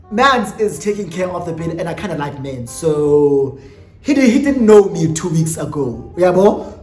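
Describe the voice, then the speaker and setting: Faint music and a roomy echo fill this storytime vlog, where a high-voiced, lively young South African man spins his tale. His delivery is sassy and theatrical, peppered with curse words.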